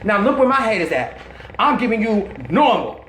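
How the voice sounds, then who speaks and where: A woman telling candid stories in an interview, blunt, slangy and animated, laughing often. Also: medium pitch, moderate pace, echoey room, a little hiss or hum, poor audio.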